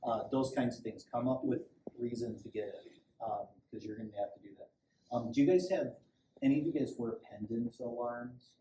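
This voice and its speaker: In an echoey room, picked up by a distant mic with a faint hiss, a mellow mid-range male voice speaks at normal speed. He's a middle-aged police sergeant giving a small group a relaxed, conversational safety training, acting out short quotes as he goes.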